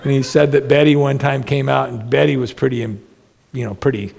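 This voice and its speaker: A man's voice: mid-range voice, flat delivery, normal speed, vocal fry, a little mellow. A middle-aged man preaching a sermon as pastor, earnest and conversational, with self-deprecating humor. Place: church sanctuary. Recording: long reverb of a large hall.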